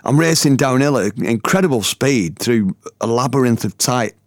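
A man's voice: medium pitch, lively intonation, moderate pace, dry recording, studio quality. A middle-aged man from the north of England, telling a personal anecdote in colloquial, chatty language and laughing as he goes. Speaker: storyteller and former band member. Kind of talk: anecdotal storytelling.

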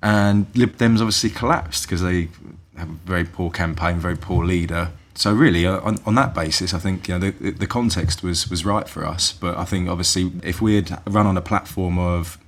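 A man with a very deep, low voice speaks in a casual political chat. He lays out his analysis steadily and deliberately, with the occasional filler. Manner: measured, analytical, hedging with fillers.

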